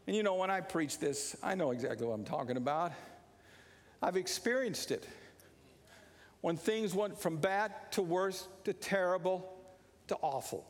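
A pastor preaching an impassioned sermon, repeating his points and rising to shouts. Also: high-pitched, animated, moderate pace. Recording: long reverb of a large hall.

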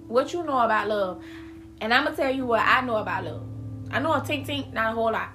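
A woman's voice: fairly high pitch, brisk, sharp tone, soft background music. A woman from South Carolina with a Geechee accent, hosting a casual solo podcast, chatty and emphatic, repeating words and using slang. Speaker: podcast host.

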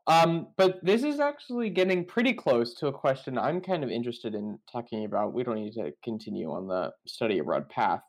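A man's voice: mid-range voice, very animated, brisk, hardly any pauses, rough recording. A young man co-hosting a podcast over a voice call, chatting casually, sarcastic and swearing freely. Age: young adult. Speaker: podcast co-host. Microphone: computer mic over a voice call.

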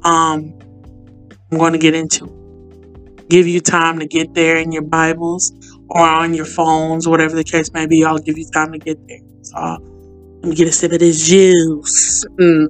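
A woman's voice: deep voice, monotone, measured pace, soft background music. Earnest woman leading a Bible study. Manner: earnest, chatty, fervently prayerful. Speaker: Bible study leader and podcast host. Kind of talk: casual Bible study teaching with spoken prayer.

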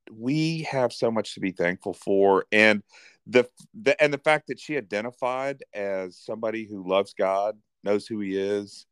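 A man's voice: fairly low pitch, no echo, studio quality. A man co-hosting a podcast in casual chat, laughing easily and reacting with enthusiasm. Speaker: podcast co-host.

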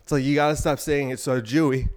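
A man's voice: medium pitch, steady tone, fast. A young man hosting his podcast, ranting crudely with many asides while exercising on an elliptical. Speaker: podcast host. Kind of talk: rambling solo podcast talk.

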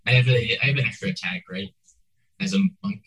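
A man playing a tabletop game, thinking out loud about his moves. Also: on the low side, brisk, low-quality recording. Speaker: player. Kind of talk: casual tabletop play.

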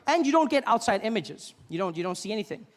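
A man doing a stand-up comedy set in front of a live audience, bursting into loud put-on voices as he tells his stories. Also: high voice, very animated, quick pace, long reverb tail. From South Africa. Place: large theater with a live audience. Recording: stage mic, loud crowd laughter and noise.

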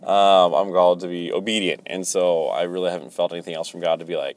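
A man's voice: low voice, level tone, quick pace, hardly any pauses, dry recording. A man hosting a Christian podcast, speaking in a rambling, hesitant, casual monologue full of fillers and restarts.

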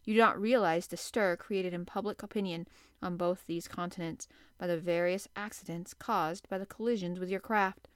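A woman's voice: lowish voice, clear, resonant tone, dry recording, studio quality, close to an everyday voice. A woman reading as an earnest, polite professor.

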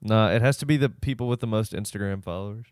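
A young man co-hosting a podcast, dropping joking deadpan remarks. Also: fairly low pitch, fast, dry recording, clean studio sound. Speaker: podcast co-host. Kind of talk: casual chat.

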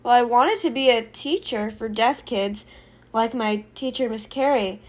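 A woman's voice: fairly high pitch, a little slow, darkish tone. A woman voicing an earnest teenage schoolgirl who is hard of hearing. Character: teenage girl student, hard of hearing, emotional.

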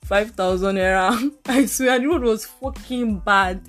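A young woman with a Nigerian accent, telling lively stories in casual chat as a podcast co-host, often breaking into laughter. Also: medium pitch, measured pace, faint music behind.

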